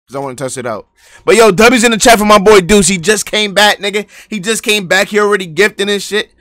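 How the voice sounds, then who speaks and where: A man hosting a live reaction stream, excitable and profane, bantering with his chat. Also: high-pitched, a little fast.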